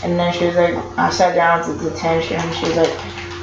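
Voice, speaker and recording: A man's voice: fairly high pitch, monotone, fairly quick. Rambling teen boy with a stutter. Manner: rambling, filler-heavy, stutters and restarts. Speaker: vlogger. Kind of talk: casual storytelling vlog. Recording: echoey lo-fi room with noise.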